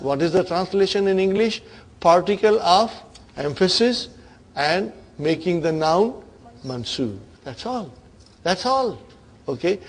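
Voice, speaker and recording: A male teacher leads a classroom grammar lesson in a slightly higher voice. He talks slowly and deliberately, checks in with his students often, and has the class repeat phrases back together. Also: darkish tone. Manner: drills the class in call-and-response. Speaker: Arabic teacher.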